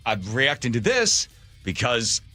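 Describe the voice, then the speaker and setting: A man's voice: medium pitch, big pitch swings, measured pace, sharp tone, soft background music. A man hosting a talk radio show, ranting in an opinionated and sarcastic way, sometimes putting on mocking voices for imagined people.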